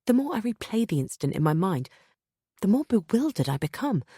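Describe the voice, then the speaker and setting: A woman narrating a first-person audiobook in a measured way, sometimes sinking to a hush. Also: medium pitch, very animated, breathy edge, dry recording, clean studio sound.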